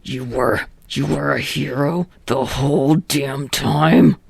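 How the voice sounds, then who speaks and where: Woman doing a gravelly, hot-tempered young hero. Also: low voice, little pitch movement, very slow, no room sound, pitched below the performer's own voice, heavily acted. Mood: shocked anger. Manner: snarling, swearing outbursts. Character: hot-tempered young male hero, brash and foul-mouthed. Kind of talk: fan audiobook reading.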